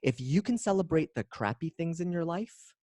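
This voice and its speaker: A man's voice: fairly high pitch, animated, moderate pace, dark tone, dry recording, clean studio sound. A man, a coach and guest, talking in a casual interview with emphatic, punchy storytelling.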